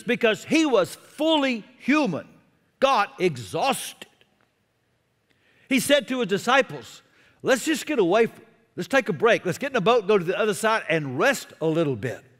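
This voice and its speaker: A middle-aged man preaching a sermon as pastor, expressive, with self-deprecating humor. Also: sits high, in a large hall.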